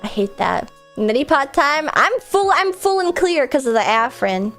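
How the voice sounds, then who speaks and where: A woman's voice: sits high, big pitch swings, moderate pace, a bit bright, faint music behind. A woman streamer chatting casually with a stuffy, congested nose, rambling and laughing often. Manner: rambling, filler-heavy, frequent laughs.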